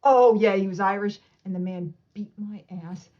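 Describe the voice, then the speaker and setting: A woman guest on an interview podcast, telling animated anecdotes and acting out the voices of people in her stories. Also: medium pitch, moderate pace, lo-fi sound. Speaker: author and martial artist guest. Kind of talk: casual storytelling interview.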